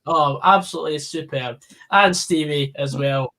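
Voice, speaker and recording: A man's voice: a little high, normal speed, pushed and bright. A man hosting a live football stream, chatting casually with co-hosts and reading out viewer comments, with plenty of fillers.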